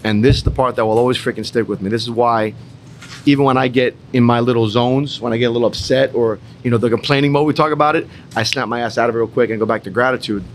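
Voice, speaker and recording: A man's voice: mid-range voice, fairly even intonation, quick pace, a little hiss or hum. A young man at a business roundtable, telling a personal story in an emphatic, repetitive way with some swearing. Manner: emphatic, repetitive, mildly profane. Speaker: entrepreneur in a roundtable.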